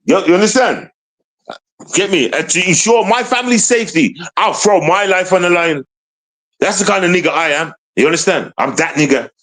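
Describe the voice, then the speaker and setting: Emphatic man with a slightly high voice, a guest in a casual street-slang storytelling interview. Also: lively intonation, fairly quick, fairly bright tone. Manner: emphatic, repetitive street slang, keeps asking "you understand?". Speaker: guest telling his story.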